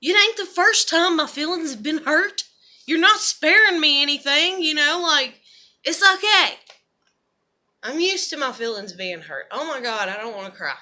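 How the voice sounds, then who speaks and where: A woman's voice: high-pitched, lively intonation, unhurried, bright, forceful tone. A woman, talking through her feelings in a rambling, emotional monologue full of swearing. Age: 30s. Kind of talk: confessional vlog monologue.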